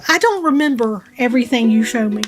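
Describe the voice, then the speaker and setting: A woman's voice: a little high, animated, quick pace. A woman with a Southern US accent chatting casually and teasing on a couple's stream. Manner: chatty, teasing, folksy phrasing. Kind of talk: casual chat. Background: background music.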